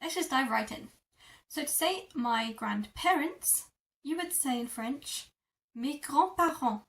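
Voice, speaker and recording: Slow, high-voiced woman teaching French. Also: animated, gravelly, fairly bright tone, far from the mic. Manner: slow, drawn-out repetition of words. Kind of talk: language lesson.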